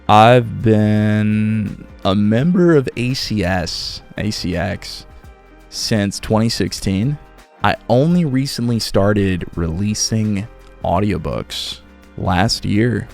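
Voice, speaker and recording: A man who narrates audiobooks, chatting casually on a livestream in a relaxed, rambling way and reading chat questions aloud. His voice is a little sore. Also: on the low side, slow, gravelly, faint music behind. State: slightly sore voice.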